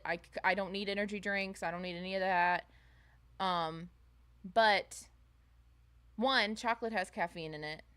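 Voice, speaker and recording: A young woman streamer chatting casually with her viewers at home, rambling with fillers and restarts. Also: sharp tone. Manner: high baby-talk voice to her pets. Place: home, indoors.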